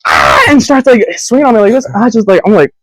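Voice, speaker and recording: A man's voice: very high-pitched, fast, shouting, slight background noise, rough recording. A young man co-hosting a podcast, telling a story in casual chat and acting out the voices of the people in it. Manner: animated storyteller who acts out quoted voices. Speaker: podcast co-host.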